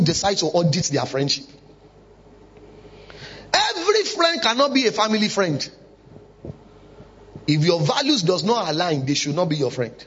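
A man's voice: high-pitched, a bit bright, slightly rough. A man preaching a sermon in church, emphatic and full of rhetorical questions. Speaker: pastor. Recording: dull lo-fi recording.

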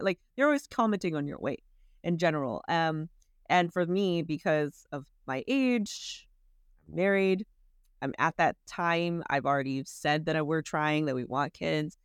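A woman's voice: sits low, clear, resonant tone, no room sound, studio quality. A woman in her thirties, a podcast guest, chatting casually and animatedly, laughing often and acting out her own inner voice. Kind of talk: casual interview chat.

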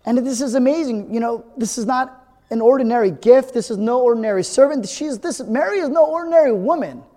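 In a big-room sound, a pastor with a very high, mellow voice preaches a little fast. His sermon is earnest and conversational, peppered with "right?", and it climbs to emphatic repetition.

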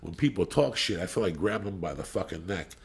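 Spanish-native host from Cuba, 50s, low gravelly voice, salty storyteller. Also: male voice, fast talker. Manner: profane, animated storyteller. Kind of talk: casual chat, storytelling.

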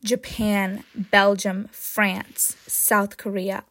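A woman hosting her own podcast in a casual, jokey chat, often tagging "right?" and "um", with sudden excited jumps in pitch and loudness. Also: normal speed, no echo, clean studio sound. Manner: chatty and jokey, with frequent "right?" and "um". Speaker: podcast host.

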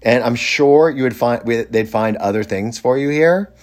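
A man telling a rambling story in a casual way, with many fillers and lively quoted voices. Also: medium pitch, moderate pace.

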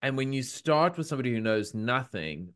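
An Australian man in a casual podcast chat, talking in an animated, emphatic way. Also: medium pitch, fairly quick, clear, resonant tone.

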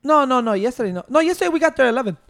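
Guy on a podcast, really high voice with a gravelly rasp, swearing and ranting about fishing trips. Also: rapid-fire. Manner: animated storytelling, heavy swearing, code-switching. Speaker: podcast co-host. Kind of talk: casual banter.

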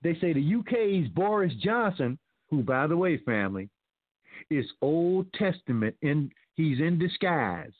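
A man's voice: on the high side, lively intonation, unhurried, no room sound. A male talk host reading news aloud and commenting with sarcasm, calling his listeners family. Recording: dry phone-like line.

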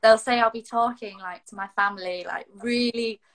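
A woman with a northern English accent talks in a relaxed, reflective way. Her voice sits a little higher than most. She speaks earnestly and conversationally as a guest. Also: normal speed, rough recording. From northern England. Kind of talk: casual chat.

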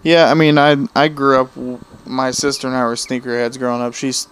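A male podcast co-host in casual chat. His voice is smooth and clear at an ordinary pitch. He rambles through long anecdotes and acts out the people he quotes. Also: fairly even intonation, a little fast, fairly bright tone.

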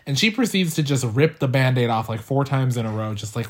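Campy husky-voiced man podcaster. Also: medium pitch, brisk. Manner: campy, animated, sarcastic. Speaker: podcast co-host. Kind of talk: casual chat.

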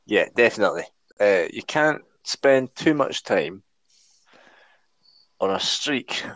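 A wry man trades football banter and pokes fun at himself. His voice is gravelly and bounces up and down a lot, recorded close and dry. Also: fairly low pitch, animated, takes it slowly, a bit bright, no echo. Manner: wry, swearing, self-mocking. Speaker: podcast co-host. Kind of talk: casual football podcast chat.

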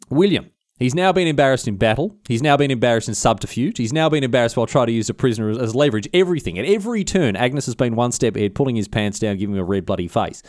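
A man's voice: medium pitch, darkish tone, no room sound, studio quality. A man, hosting a history podcast, telling the story in an irreverent, slangy way with casual swearing.

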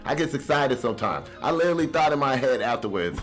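Animated young man on a podcast. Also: mid-range voice, fast talker, soft background music. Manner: animated, joking, swearing freely. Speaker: podcast co-host. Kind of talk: casual podcast banter.

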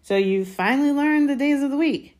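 A man's voice: very high-pitched, fairly quick, darkish tone, voice pushed up. A woman reading aloud and voicing a cool, sarcastic teenage boy wizard. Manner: dry, sarcastic.

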